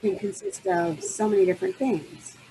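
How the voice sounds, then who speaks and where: A woman hosting and moderating a web-series talk, walking through slides at a steady pace. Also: mid-range voice, normal speed, breathy edge, rough recording. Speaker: host and moderator.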